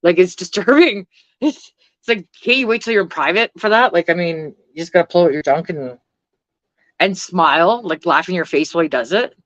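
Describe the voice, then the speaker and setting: A woman's voice: on the low side, brisk, a bit bright, no room sound, lo-fi sound. A middle-aged woman vlogger chatting casually on a live stream, blunt and rambling, swearing freely.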